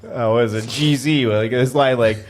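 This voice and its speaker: A man's voice: mid-range voice, moderate pace. A man co-hosting a casual podcast, trading laughing, teasing banter. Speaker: podcast co-host. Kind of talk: casual chat.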